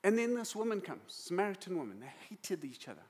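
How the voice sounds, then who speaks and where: A South African preacher telling stories with feeling and energy, a man whose voice sits a bit higher than most. He moves between lively asides and heavy, quiet passages. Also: a little fast. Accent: South African English. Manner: animated, emotional storytelling. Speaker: pastor. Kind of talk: sermon.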